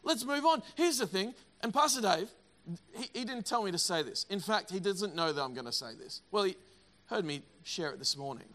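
A middle-aged man preaching a sermon, energetic and emphatic, often repeating words. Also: high voice, a little fast. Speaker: pastor.

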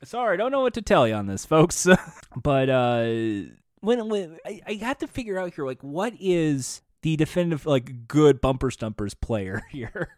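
A man co-hosting a casual podcast chat, animated and laughing often, sometimes slipping into a mock game-show announcer voice. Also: on the high side, normal speed, no echo, studio quality. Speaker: podcast co-host.

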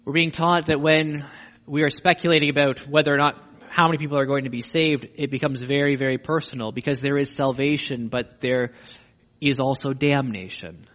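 A man's voice: mid-range voice, steady tone, a little fast, fairly bright tone. A man preaching a sermon, emphatic and pressing questions on his listeners. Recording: echoey hall with long reverb.

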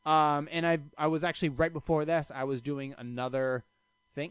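A man's voice: fairly high pitch, level tone, moderate pace, fairly bright tone, clear, resonant tone, no room sound. A man hosting a casual solo podcast, telling rambling stories full of profanity and restarts. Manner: rambling, profane, self-interrupting storyteller. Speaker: podcast host. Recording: dry, slightly dull lo-fi sound.

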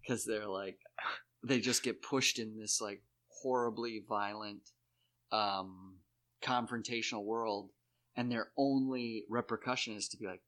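Animated man in loose casual chat. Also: a little slow. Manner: animated, acts out characters in high put-on voices; profane, rambling. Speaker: podcast co-host.

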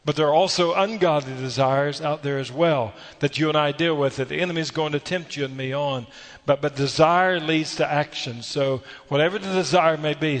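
A man's voice: fairly high pitch, fairly bright tone, big-room sound. A man preaching a sermon, exhorting earnestly with repeated phrases and rhetorical questions. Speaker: pastor.

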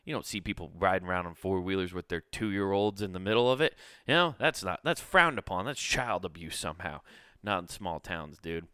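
A man's voice: deep voice, lively intonation, a little fast, bright, forceful tone, clear, resonant tone, no room sound, studio quality. A young man hosting a podcast, telling a casual, rambling story full of swearing and restarts. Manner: laid-back, profane, rambling with many restarts. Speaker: podcast host.

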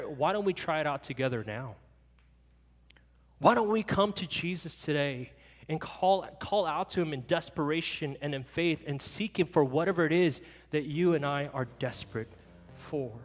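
A man preaching a sermon as pastor, earnest and pleading, leading the church in prayer. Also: fairly high pitch. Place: church hall. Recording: long reverb with soft guitar music behind.

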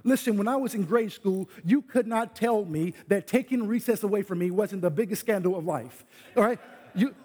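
High-voiced preaching man in echoey hall. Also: normal speed. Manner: preaching with loud yelling bursts, repeats "listen". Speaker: pastor. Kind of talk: sermon.

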